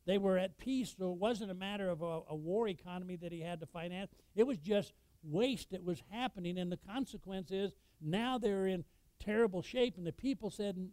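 A man delivers an expository sermon in a mellow voice that sits a little high. He moves between quiet reading and loud bursts of emphasis. The sound is dry and close. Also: fairly quick, no echo, low-quality recording. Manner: expository preaching, quotes scripture, sudden loud emphasis. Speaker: pastor.

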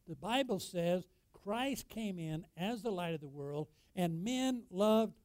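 A male pastor preaching to his congregation, asking them questions and swinging between loud emphatic peaks and low, quiet stretches. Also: no room sound. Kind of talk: sermon.

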